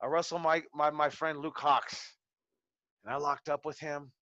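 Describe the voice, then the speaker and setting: Wrestling coach, man, 40s, bright forceful voice, cursing storyteller, muffled lo-fi dry sound. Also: fairly high pitch, flat delivery, normal speed, dry recording. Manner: loose, profane, storytelling with acted quotes. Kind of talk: casual classroom talk to students. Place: training school.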